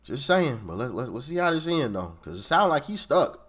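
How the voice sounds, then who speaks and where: A man hosting a reaction show, giving slangy, animated commentary on a story. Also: medium pitch, brisk, slightly rough. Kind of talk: casual commentary.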